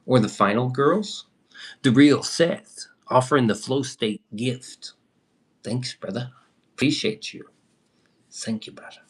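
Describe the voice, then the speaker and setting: A man's voice: medium pitch, husky. A young man chatting loosely on a livestream, swearing now and then and answering viewer comments. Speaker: livestream host. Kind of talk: casual livestream chat.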